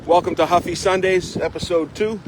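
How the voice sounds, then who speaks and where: A man's voice: sits high, steady tone, fairly quick. A man live-streaming a casual ride on a bike path outdoors, rambling and chatty, a bit out of breath, with wind buffeting the phone mic. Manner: rambling, chatty, fills with "you know". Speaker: vlog host. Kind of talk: live-streamed casual chat while biking. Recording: heavy wind noise on the mic.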